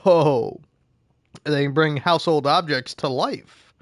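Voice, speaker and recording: A man's voice: on the high side, slow, no echo. Guy ranting and swearing over a game, cracks himself up, dead dry mic. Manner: ranting, profane, laughing at himself. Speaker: gameplay streamer. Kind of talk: profane gameplay commentary.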